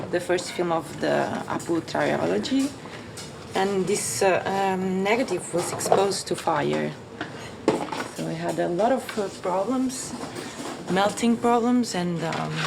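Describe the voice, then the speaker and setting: A woman's voice: fairly low pitch, creaky, heavy background noise. A woman, working as a film restoration technician and carefully explaining the repair with frequent fillers. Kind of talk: explaining to camera.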